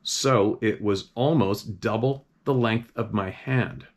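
A young man with a somewhat low voice narrates a first-person story from a night in the woods. He reads it in an earnest, steady way, now and then stumbling and restarting a phrase. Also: slow pace. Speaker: host reading a viewer's story.

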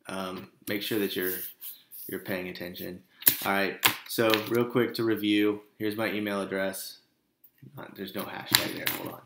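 A man's voice: low voice, fairly bright tone, roomy sound. A man, a history teacher giving a casual, joking recorded lesson to his students. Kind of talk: recorded online class lecture.

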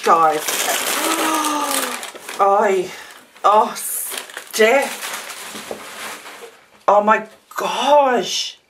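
A woman's voice: medium pitch, background noise. A woman unboxing gifts on a casual vlog, gushing and gasping, teary and emotional. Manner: gushing, gasping, exclaiming often. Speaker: vlogger opening a gift swap.

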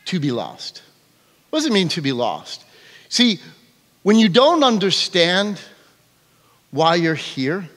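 Here is a man preaching in a church sanctuary with a fairly high voice. He tells his stories with animation and keeps checking in with the congregation. The sound trails off in a long hall reverb. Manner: animated storytelling, frequent "okay?" check-ins. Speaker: pastor. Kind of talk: sermon.

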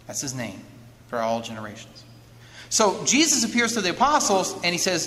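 Animated man lecturing in a hall. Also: fairly high pitch, fairly quick. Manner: keeps checking in with listeners through rhetorical questions. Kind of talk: lively lecture to an audience. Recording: long hall reverb with faint background noise.

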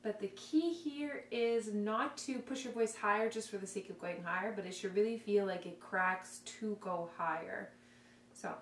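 A woman vocal coach guiding a vocal warm-up with calm, step-by-step cues. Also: mid-range voice. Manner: calm, slow step-by-step cueing. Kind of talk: guided vocal warm-up instruction. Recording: roomy, heard from a distance, faint hum.

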